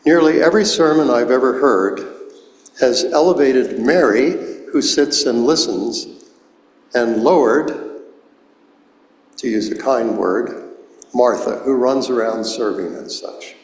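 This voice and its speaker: A man in his seventies preaching a sermon as pastor, explaining words slowly and deliberately, recorded in a church sanctuary. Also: mid-range voice. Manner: slow, deliberate, explains Greek words one at a time. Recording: echoey church hall, long reverb.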